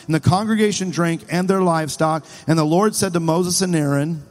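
A man preaching a sermon, retelling scripture in a playful, animated way and quizzing his listeners. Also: on the high side, fairly quick, few pauses. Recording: long hall reverb.

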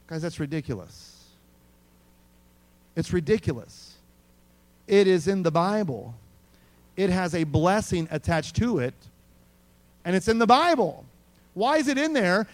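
A male pastor giving a lively sermon, calling on the congregation and repeating words. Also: high voice.

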